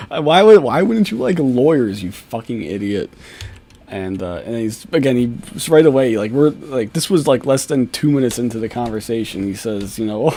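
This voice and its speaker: A man's voice: medium pitch, expressive, normal speed, warm tone. A man giving an angry, profane video commentary, mocking and laughing with scorn. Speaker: YouTube commentator.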